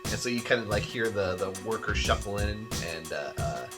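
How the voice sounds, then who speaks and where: A man's voice: on the low side, animated, normal speed, music in the background. A man hosting a weekly video game release show, chatting casually in a sardonic way, swearing freely and laughing often. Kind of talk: casual rambling commentary.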